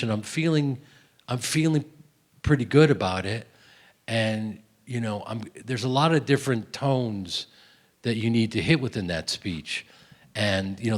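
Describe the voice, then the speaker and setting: A man, an actor, telling rambling, self-deprecating stories while answering audience questions at a film festival Q&A. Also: on the low side. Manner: rambling, animated, self-deprecating, many restarts. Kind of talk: festival Q&A storytelling.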